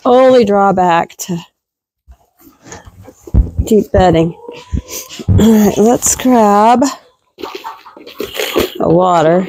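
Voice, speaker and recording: Slow-talking woman chatting to her goats. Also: medium pitch, a little mellow, a little hiss or hum, rough recording. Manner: talks to her goats in a fond, scolding tone. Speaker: goat farmer vlogger. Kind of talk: casual vlog chatter while doing barn chores. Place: goat barn.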